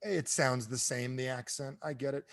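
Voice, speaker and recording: A man giving a motivational business talk on a training call, asking the audience questions and swinging between booming and hushed delivery. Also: moderate pace, vocal fry. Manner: animated, asks the audience questions. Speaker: speaker at an online training call.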